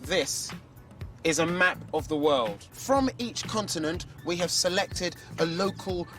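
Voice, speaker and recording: A woman's voice: fairly low pitch, a little slow. A woman presenting a children's game show, upbeat and teasing as she explains the rules to the kids. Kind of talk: lively TV presenting. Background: music.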